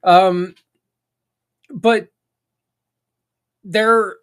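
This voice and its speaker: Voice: mid-range voice, fairly even intonation, extremely slow, clear, resonant tone. Folksy rambling podcast host. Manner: folksy and rambling, with tangents and mild swearing; earnest and encouraging. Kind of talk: casual podcast monologue.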